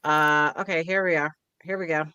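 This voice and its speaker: A man's voice: a little high, steady tone, moderate pace, sharp tone, clear, resonant tone, no echo. A man hosting a political talk show, moderating and cutting in firmly to demand sources. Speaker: host.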